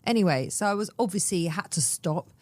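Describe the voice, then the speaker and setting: A woman's voice: on the low side, lively intonation, fairly quick, a little mellow, dry recording. A woman, co-hosting a podcast and chatting casually, telling stories and acting out the people in them. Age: 40s. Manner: chatty storyteller, acts out quoted people, swears casually. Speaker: podcast co-host. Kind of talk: casual chat.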